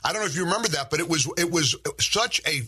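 A man's voice: a little high, lively intonation, fast, pushed and bright, breathy edge. A man hosting a conversational interview, rambling with frequent restarts as he tells anecdotes. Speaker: talk show host.

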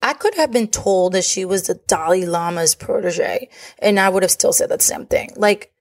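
A woman's voice: on the low side, normal speed. A woman hosting a podcast, telling a personal story in a candid, profane, confessional way. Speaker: podcast host.

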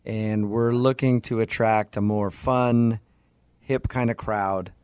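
A man's voice: lowish voice, fairly even intonation, slow pace, a little mellow, smooth, dry recording, studio quality. A man from a radio show making a prank phone call, sounding mock-apologetic and giggling.

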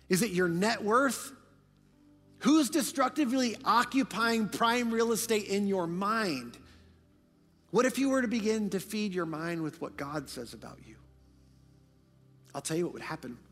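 A male pastor delivering a sermon, moving between hushed, low passages and loud, emphatic preaching. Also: long reverb tail.

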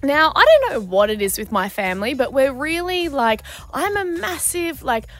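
A woman with an Australian accent co-hosting a radio show, telling stories in an animated, chatty way and acting out the quotes. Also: high voice, moderate pace, faint music behind. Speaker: radio co-host. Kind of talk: casual radio banter.

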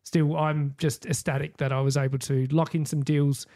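An Australian man co-hosting a podcast, telling a story in a casual, animated way and acting out the conversations. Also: on the high side, normal speed. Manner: animated storyteller, acts out quoted exchanges. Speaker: podcast co-host. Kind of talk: casual chat.

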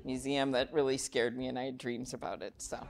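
A woman's voice: rumbling low, level tone, brisk, a little mellow, slight background noise. A woman, a senator, giving a chatty, self-deprecating speech full of humorous anecdotes to a live audience in a lecture room. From Minnesota. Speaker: senator speaking at a festival.

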